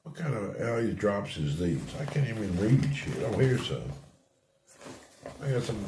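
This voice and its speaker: A man's voice: on the low side, big pitch swings, normal speed, very noisy. A man chatting casually on a live stream, laughing often and answering viewers' comments. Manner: laid-back, laughs often, chats with viewers. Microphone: streaming setup. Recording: roomy echo.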